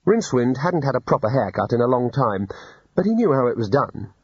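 A man reading an audiobook in a dry, unhurried storytelling manner. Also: mid-range voice, big pitch swings, husky, no echo, lo-fi sound. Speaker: narrator. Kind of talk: audiobook narration.

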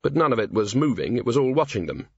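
A man reading a novel aloud as a narrator, in a measured, dry storytelling manner. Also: medium pitch, sing-song, vocal fry, darkish tone, husky, no echo. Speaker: audiobook narrator. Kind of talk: scripted narration. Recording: dull, dry lo-fi recording.

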